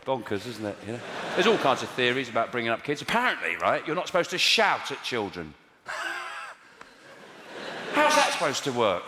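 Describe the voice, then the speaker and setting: This English comedian, live on a large theatre stage, speaks at a moderate pace and pauses often, his mid-range voice swooping wildly in pitch. Wry and exasperated, he erupts now and then in mock outrage. A stage mic picks up background noise, the echoey hall and the crowd's loud laughter.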